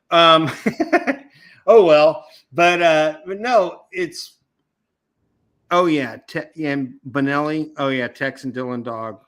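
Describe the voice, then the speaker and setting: A man's voice: fairly high pitch, a bit bright, low-quality recording. A man in his fifties chatting casually on a geek talk stream, rambling, playful and often correcting himself. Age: 50s. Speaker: panelist on a geeky chat stream. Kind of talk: casual chat.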